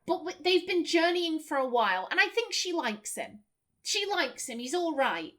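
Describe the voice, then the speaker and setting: A young woman from Lancashire with a softened Lancashire accent, chatting casually and rambling as she plays and comments on a game. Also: high-pitched, very animated, moderate pace. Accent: Lancashire, softened toward standard British. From Lancashire, England. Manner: chatty, rambling, stumbling restarts, laughing asides. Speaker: game streamer. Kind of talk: casual let's play commentary.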